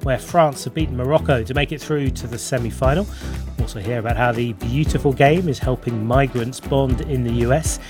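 A man presenting a radio news programme, introducing stories and a guest with clear, brisk scripted delivery. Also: medium pitch, music in the background.

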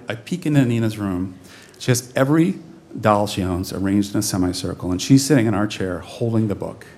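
A man in his forties telling a comic personal story on stage, with a lively, animated delivery. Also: medium pitch, background noise. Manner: comic, animated, mimics voices in quotes. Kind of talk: live storytelling performance. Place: stage before an audience.

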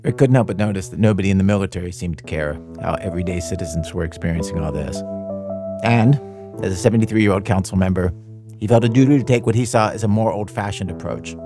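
A man's voice: low-pitched, quick pace, over music. A man hosting a radio show, narrating in a wry, conversational way from a studio mic.

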